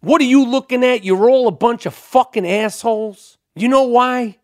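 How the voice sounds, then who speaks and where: A man putting on a swaggering gangster boss with a mock Cuban accent, who snarls profane boasts at everyone around him. The voice sits fairly high and sneers. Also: moderate pace, no echo, clean studio sound. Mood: defiant.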